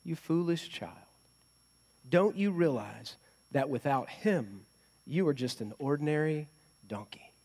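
A man voicing a gentle, wise mother donkey who speaks softly in a lowered voice. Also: expressive, unhurried, pauses often. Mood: gently scolding.

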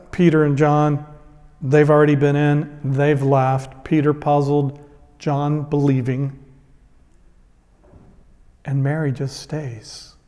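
A man's voice: on the high side, level tone, slow pace, long pauses, mellow, big-room sound. A man preaching a sermon as a pastor, retelling a scripture story in an earnest, emphatic way.

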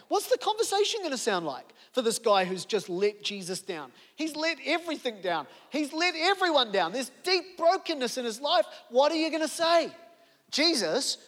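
A man's voice: extremely high pitch, a bit bright. A man preaching a sermon, telling a story and firing off rhetorical questions. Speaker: pastor. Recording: long reverb of a large hall.

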